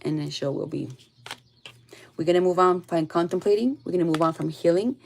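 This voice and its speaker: A woman giving a casual spiritual reading to her viewers, blunt and full of swearing, often trailing off soft and low. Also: a little fast, gravelly, a little hiss or hum. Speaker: tarot reader.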